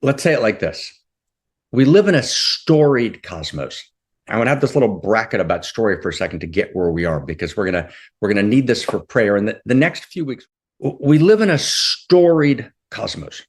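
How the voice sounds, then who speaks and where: A man's voice: fairly low pitch, expressive, moderate pace, husky. A man leading a spiritual talk, impassioned and repeating his phrases, often checking in with "right?". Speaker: spiritual teacher.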